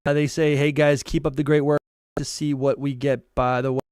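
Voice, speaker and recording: A man's voice: mid-range voice, flat delivery, normal speed, a little mellow, clean tone, no room sound, studio quality. A man co-hosting a podcast, reading out chat messages in a laid-back way. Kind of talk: casual chat.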